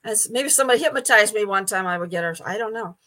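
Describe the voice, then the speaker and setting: A woman's voice: medium pitch, fast talker, bright, forceful tone. An older woman telling stories as a guest in a casual interview, chatty, stumbling over repeated words and laughing often. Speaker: psychic medium guest.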